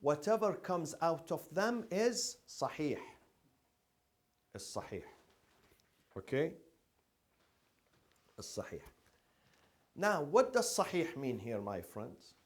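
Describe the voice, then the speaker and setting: A man's voice: on the high side, sing-song, takes it slowly, pauses often. A man teaching a classroom lecture, asking the class questions and repeating key terms.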